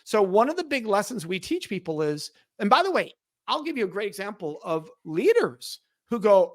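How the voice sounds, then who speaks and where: A man's voice: high-pitched, big pitch swings, moderate pace, no room sound. A middle-aged man and podcast guest, explaining emphatically and acting out quoted dialogue in conversation. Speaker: podcast guest, speaker on respect.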